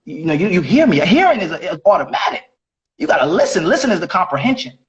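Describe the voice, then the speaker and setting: A man with a high-pitched voice lectures in a preachy way, repeating his points over and over. He records in a bathroom, so the room echoes, and the sound is dull and lo-fi. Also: big pitch swings, quick pace. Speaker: live streamer. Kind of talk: heated live-stream argument.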